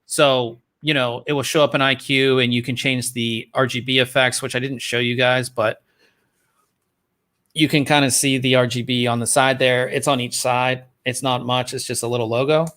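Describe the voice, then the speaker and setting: A man hosting a casual tech podcast, talking in a relaxed, rambling way with frequent ums and restarts, recorded on a studio podcast microphone. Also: mid-range voice, normal speed. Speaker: podcast host.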